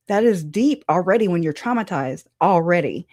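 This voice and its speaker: A woman's voice: on the low side, lively intonation, brisk, hardly any pauses, a little mellow, dry recording, studio quality. A woman hosting a true crime reaction show, talking bluntly and emotionally, swearing and restarting her sentences. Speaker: true crime commentary host. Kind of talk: heated reaction commentary.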